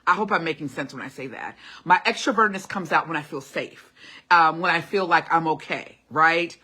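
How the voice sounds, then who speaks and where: A middle-aged woman hosts a live motivational talk, reading comments casually and encouraging viewers with brief repeated urgings and frequent laughter. Her low voice is sharp and slightly rough, moving at a moderate pace, with a classically trained singer's quality.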